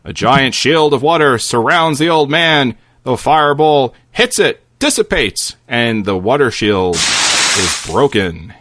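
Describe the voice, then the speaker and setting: A man's voice: mid-range voice, big pitch swings, slow pace, a bit bright. A man narrating a comedic fantasy story in a theatrical, playful way.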